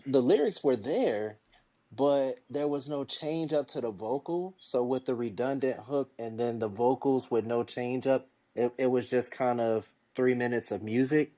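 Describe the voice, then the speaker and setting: A man's voice: medium pitch, a little slow, warm tone. A man on a review panel giving a casual critique of a song, hesitant and sprinkled with ums. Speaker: panelist on a music review show.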